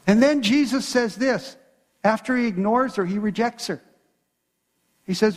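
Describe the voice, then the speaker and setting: A man with a notably high voice delivers a sermon from the pulpit. He retells a scripture story dramatically, slipping into the characters' lines. His words carry a long echo through a large church hall. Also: a little slow, pauses often. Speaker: pastor.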